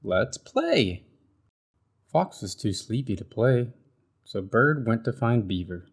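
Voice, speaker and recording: A man reading a children's picture book aloud with expressive storybook delivery. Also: medium pitch, measured pace, husky.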